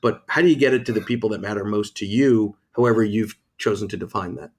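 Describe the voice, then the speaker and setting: A man's voice: on the low side, quick pace, husky. Emphatic male podcast host. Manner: emphatic, animated, with frequent restarts. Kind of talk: conversational interview.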